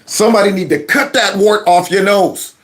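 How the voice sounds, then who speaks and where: A man's voice: high voice, moderate pace. A man hosting his own commentary show, talking in a folksy, emphatic, slangy way and acting out quotes. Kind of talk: casual political commentary.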